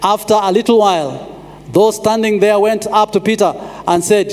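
A man preaches a sermon, his voice pitched high for a man. He pauses often and repeats phrases to drive a point home. The sound carries a long reverb from a large hall. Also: a little mellow, a little hiss or hum. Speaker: pastor.

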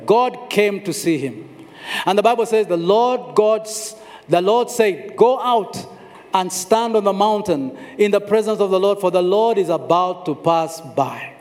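High-voiced preacher in a reverberant hall. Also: male voice. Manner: dramatic storytelling, acting out voices; repeats phrases for emphasis. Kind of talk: sermon.

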